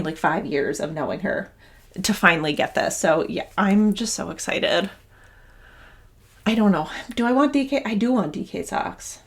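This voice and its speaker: Chatty young woman vlogger, gushing, casual and unscripted. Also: medium pitch. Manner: gushing, chatty, rambling with restarts. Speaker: knitting vlogger and yarn dyer. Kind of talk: casual vlog chat.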